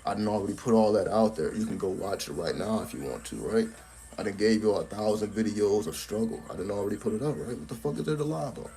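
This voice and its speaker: A man's voice: on the low side, animated, fast, dark tone. A man giving a casual live-stream talk on a cell phone, blunt and profane, tagging his points with "right?", with faint music behind him. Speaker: spiritual content creator.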